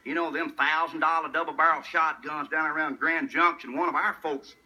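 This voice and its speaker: Older Southern man with a West Tennessee twang, raised-pitch and bright, spinning homespun jokes. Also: fairly even intonation, a little fast, low-quality recording. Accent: Southern US, rural West Tennessee. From Tennessee, USA. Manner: tall-tale humor, chuckling at his own punchlines. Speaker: storyteller. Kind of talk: folksy humorous storytelling.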